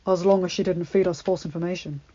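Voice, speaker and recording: A woman's voice: on the low side, fast talker, breathy edge, muffled recording. Woman reading as a stern young prince. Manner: stern, tries to stay calm. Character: young prince, earnest and strained, commanding.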